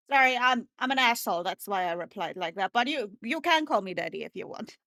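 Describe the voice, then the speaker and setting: A hoarse woman streamer chatting casually and joking with viewers, often stammering and restarting. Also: fairly high pitch, animated, moderate pace, sharp tone, no room sound. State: hoarse, clearing throat. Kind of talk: casual live-stream chat.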